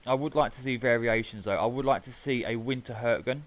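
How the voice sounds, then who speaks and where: A man's voice: medium pitch, fairly quick, poor audio. A man giving casual, rambling gameplay commentary as he flies around a map, swearing now and then. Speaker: gaming YouTuber.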